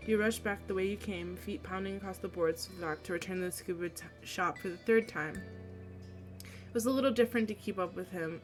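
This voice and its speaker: A woman's voice: medium pitch, fairly quick, soft background music. A young adult woman streamer reading a visual novel aloud, with casual, emotional asides.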